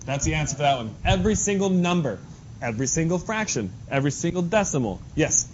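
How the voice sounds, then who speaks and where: A male math teacher giving a lively, joking lesson to his class in a classroom. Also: on the high side, fast. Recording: dull lo-fi classroom recording with faint noise.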